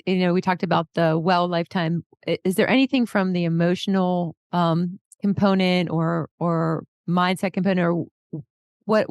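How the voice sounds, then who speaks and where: A woman hosting a podcast interview who asks her questions haltingly and restarts them. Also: lowish voice, no echo, clean studio sound. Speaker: podcast host.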